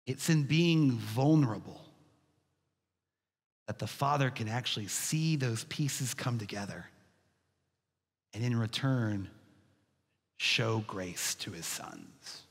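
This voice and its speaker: Folksy pastor in a reverberant church. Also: male voice, medium pitch, takes it slowly, long pauses, husky. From Texas. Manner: storytelling, folksy, addresses congregation as y'all. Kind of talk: sermon. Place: church sanctuary.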